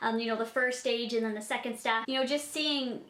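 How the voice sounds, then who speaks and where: A woman's voice: fairly high pitch, steady tone, brisk, a bit bright. A Canadian woman in her twenties chatting casually while she answers viewer questions, giggling and using lots of fillers. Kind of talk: casual Q&A vlog. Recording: echoey room.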